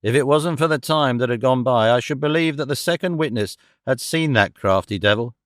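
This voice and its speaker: A man's voice: medium pitch, brisk, no echo, studio quality, lightly acted. A man voicing a good-natured middle-aged police inspector who talks in a blunt, homely, colloquial way. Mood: chatty.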